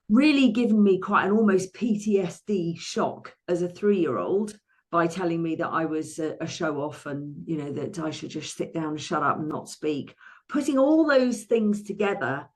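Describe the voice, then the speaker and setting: An English therapist and money coach in her sixties speaks in a low voice while telling her life story as an interview guest. Her delivery is lively, marked by frequent restarts and playfully acted quotes.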